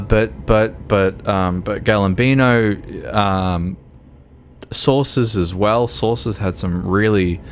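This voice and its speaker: This man's low-pitched voice comes through with a bit of hiss or hum as he streams a game in casual chat. Tipsy from drinking, he rambles and gets emotional, laughing a lot and swearing offhandedly.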